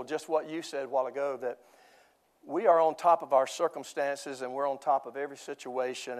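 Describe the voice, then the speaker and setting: An older pastor with a slightly high, darkish voice preaches a sermon in church. He tells jokes and stories, chuckling often as he goes.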